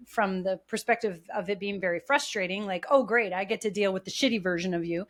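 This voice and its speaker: A woman co-hosting a podcast in casual, reflective, reassuring chat. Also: medium pitch. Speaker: podcast co-host.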